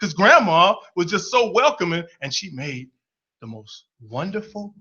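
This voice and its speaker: A man tells a humorous tale from his own life at a slightly slow pace, his high, bright voice a bit rough. He is playful and lively, acting out the people involved, and the sound quality is dull and lo-fi.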